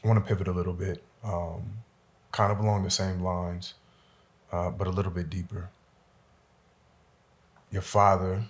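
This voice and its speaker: A man hosting an interview podcast, asking calm, measured questions with small hesitations. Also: deep voice. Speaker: podcast host.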